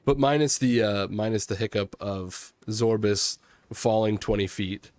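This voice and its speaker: A young man running a tabletop game as game master, narrating with many pauses and fillers and laughing often. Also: lowish voice, fairly even intonation, a little mellow, no echo.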